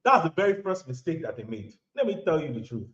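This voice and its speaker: Speaking quickly with big pitch swings in a fairly high voice, a Nigerian-accented man aged roughly 30 to 40-something gives relationship advice in an emphatic monologue to camera, repeating lines for stress. The audio is roomy, dull and lo-fi.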